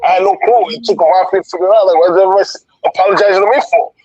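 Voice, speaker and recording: A man's voice: sits high, racing, a little mellow, muffled recording. A man chatting casually on a podcast, rambling and repeating words as he gets going. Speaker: podcast co-host. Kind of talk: casual chat.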